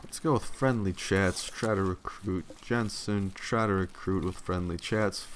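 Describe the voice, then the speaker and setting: A man's voice: deep voice, steady tone, unhurried, slight background noise. A young man giving casual gameplay commentary, profane, sarcastic and tired, grumbling at the game. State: yawning, tired. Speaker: let's play commentator.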